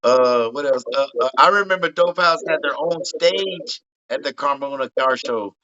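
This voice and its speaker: A man co-hosting a casual show, excitable and profane, talking over his partner. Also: medium pitch, moderate pace. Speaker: co-host. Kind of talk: casual podcast banter. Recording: dull lo-fi sound.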